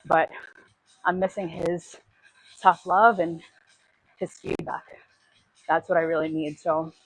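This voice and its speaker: Breathy winded woman talking mid-workout. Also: fairly low pitch, low-quality recording. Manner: chatty, talks while exercising, sighs and clears throat. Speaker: fitness vlogger. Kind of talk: casual workout livestream talk. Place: gym.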